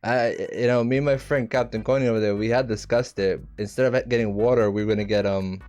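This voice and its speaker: A man's voice: on the low side, fairly even intonation, fast, darkish tone. A man hosting a casual streamed chat show, bantering loosely with lots of laughter and swearing. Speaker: show host.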